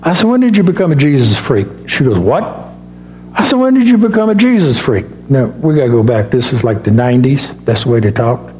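A middle-aged male preacher talks in a plain, folksy way and acts out the dialogue in his stories. His voice sits at an ordinary middle pitch and climbs high when he stresses a point. A faint hum runs underneath. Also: lively intonation, a little fast, a little mellow. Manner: folksy, storytelling with quoted dialogue. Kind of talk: sermon with personal stories.

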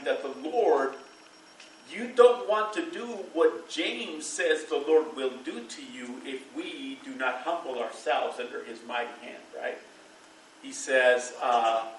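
A man's voice: a little high, a bit bright, reverberant, far from the mic, a little hiss or hum, rough recording. A middle-aged man preaching a sermon to a church congregation, in a loose, conversational way, with fillers and bursts of laughter. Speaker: pastor.

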